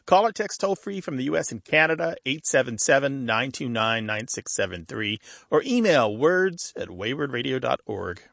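A man hosting a radio talk show about language, friendly and quick with jokes. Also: mid-range voice, sing-song, gravelly, a bit bright, no room sound, studio quality. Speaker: host.

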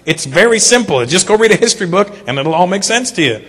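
A man performing a stand-up comedy routine, telling stories with lively delivery and acted-out voices. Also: sits high, quick pace, big-room sound. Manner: animated storytelling, acts out silly voices.

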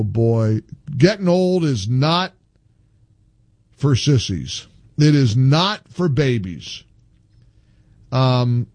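Man, middle-aged, radio talk host, wry, excitable, lively up-and-down voice, dry studio sound. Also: a little high, no echo. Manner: wry, excitable, rambling, voice jumps up when exasperated.

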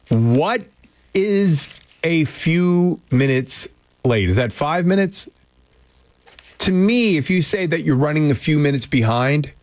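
A man's voice: fairly high pitch, no room sound. A man hosting a casual radio show, rambling and chatty, poking fun at himself as he talks to listeners and co-hosts in a studio. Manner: rambling, chatty, self-deprecating. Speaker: radio host. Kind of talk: casual morning radio chat. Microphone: studio microphone.

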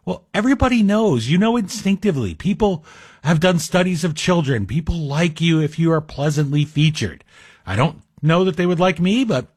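A man's voice: fairly high pitch, expressive, moderate pace, darkish tone, husky, no echo. A middle-aged man guest-hosting a talk radio show, delivering a chatty monologue with wry, self-deprecating asides. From Greek heritage. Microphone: studio microphone.

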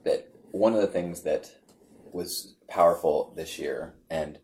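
A man telling a story in casual chat, animated and halting, with many repeats and fillers. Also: low-pitched, slight background noise.

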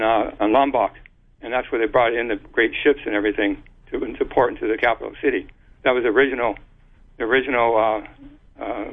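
A man speaks as an interview guest, laying out his theory haltingly with frequent restarts and spelled-out letters. His voice sits in a middle pitch. It comes through a narrow, tinny phone line.

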